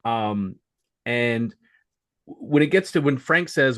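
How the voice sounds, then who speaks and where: Man, guest co-host, casual, explaining, middle-pitched voice. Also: lively intonation, slow, long pauses, fairly bright tone. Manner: explanatory, comparing lines. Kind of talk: casual chat.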